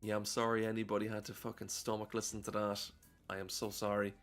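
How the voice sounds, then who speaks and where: A man's voice: on the low side, monotone, quick pace, fairly bright tone, soft background music. An Irish man streaming a driving game at home, ranting in a rambling, profane way. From Ireland. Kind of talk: casual gameplay commentary.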